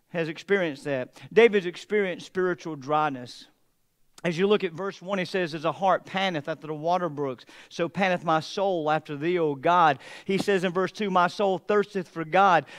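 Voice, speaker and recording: A man pastor preaching a sermon, moving from hushed, heavy passages to emphatic, mocking asides. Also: high-pitched.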